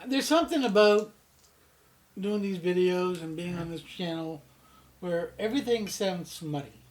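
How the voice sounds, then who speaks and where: A man's voice: high-pitched, lively intonation, unhurried. A man from Canada co-hosting a casual beer-tasting chat, cracking goofy jokes and wordplay. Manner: joking, goofy asides and wordplay. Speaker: co-host of a beer tasting show.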